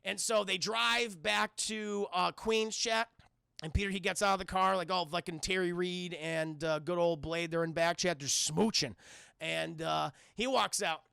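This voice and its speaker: A man recounting a cartoon episode to his live chat in a casual, animated, profane way. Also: high voice, measured pace, vocal fry, smooth, dry recording, clean studio sound. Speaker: streamer and reviewer.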